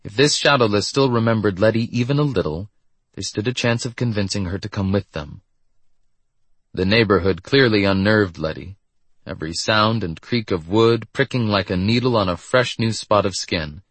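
A man with a husky voice reading a story in steady scripted narration. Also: on the low side, moderate pace, dry recording.

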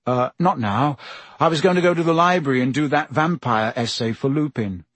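A male narrator voicing a quiet, guarded teenage boy who speaks hesitantly. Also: moderate pace, breathy edge, no room sound. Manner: hesitant, low-key.

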